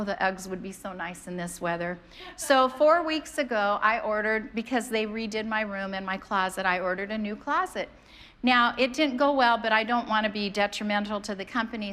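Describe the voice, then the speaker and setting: A middle-aged woman, a pastor, preaching a sermon in an animated, conversational way, often acting out the voices of people in her stories. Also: fairly high pitch. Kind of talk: sermon with storytelling.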